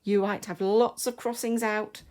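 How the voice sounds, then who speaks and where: An English woman teaching a primary school class, thinking aloud slowly and carefully as she writes, in a recorded online lesson. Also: medium pitch, fairly even intonation, darkish tone. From England. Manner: slow, careful, thinking aloud while writing.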